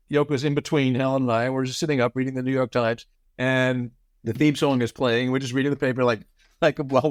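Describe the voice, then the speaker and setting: A man in his sixties telling show-business anecdotes as a guest, animated and often acting out quotes. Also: medium pitch, no room sound, studio quality. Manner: lively storyteller, acts out quotes.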